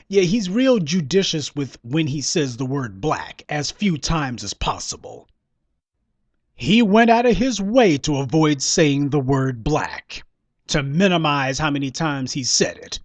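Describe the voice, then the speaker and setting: A man's voice: a little high, no room sound, dull audio. Scornful man lecturing in a dry voice. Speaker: political commentator. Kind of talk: solo commentary monologue.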